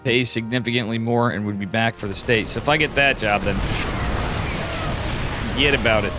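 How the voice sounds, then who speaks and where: A tired man doing casual solo live commentary on an esports match, chatty and laid-back, getting louder and quicker when fights break out. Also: medium pitch, fairly even intonation, music in the background. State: tired, yawning.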